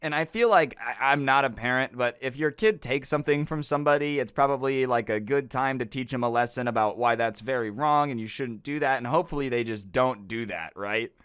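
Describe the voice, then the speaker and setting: A man's voice: medium pitch, brisk, few pauses, fairly bright tone, smooth, no echo. A young man narrating casual storytime anecdotes with chatty, incredulous asides, close to the mic. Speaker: storytime YouTuber.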